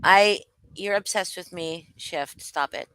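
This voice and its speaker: A woman's voice: on the low side, slow pace, fairly bright tone, clear, resonant tone, no echo. Blunt, swearing young woman host. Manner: blunt, swears freely, rambling restarts. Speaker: livestream co-host. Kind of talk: casual gossip commentary chat.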